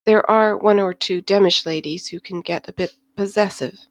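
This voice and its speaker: A woman's voice: mid-range voice, fairly even intonation, moderate pace, dry recording, close to an everyday voice. A woman voicing Eva, a poised female dance-house owner with polite, formal phrasing, plainly worried underneath.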